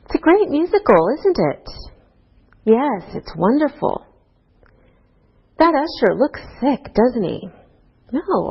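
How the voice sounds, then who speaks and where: A woman teaching an English grammar lesson to a class, speaking slowly and deliberately through example sentences. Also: fairly high pitch, breathy edge. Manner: slow, deliberate teacher talk with rising and falling example tags. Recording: dull lo-fi course recording.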